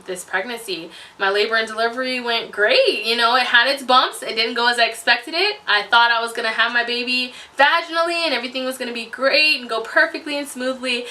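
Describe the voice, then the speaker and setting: A young woman tells a story to her camera, lively and animated, slipping into the voices of others. Her voice is bright and a little high. She sits a little away from the mic. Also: distant mic. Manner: animated, acts out quotes with big pitch swings, laughs often. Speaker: vlogger.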